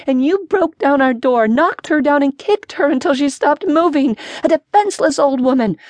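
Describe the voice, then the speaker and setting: Brief: woman voicing an enraged teen girl in a storybook, high and shrill. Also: expressive, normal speed, darkish tone, dry recording. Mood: furious. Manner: shrill, furious. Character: furious teenage girl, defiant and shrieking.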